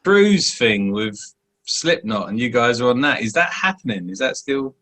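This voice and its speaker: A male podcast host with a mid-range voice that swings widely in pitch. He chats casually, dropping in short relaxed reactions and questions. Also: moderate pace.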